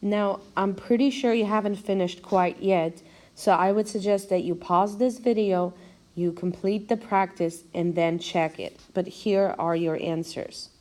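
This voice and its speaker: A woman's voice: medium pitch, fairly even intonation, darkish tone. A woman teacher giving a recorded video lecture, explaining step by step and counting out syllables with care. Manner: slow, careful explanation, spelling out syllables. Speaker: language teacher.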